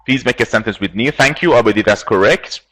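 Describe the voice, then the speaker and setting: A man teaching English vocabulary with a Persian accent, repeating each word slowly with long fillers. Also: medium pitch, fairly bright tone, slightly rough. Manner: slow repetition of words, drawn-out fillers. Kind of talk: online class teaching vocabulary.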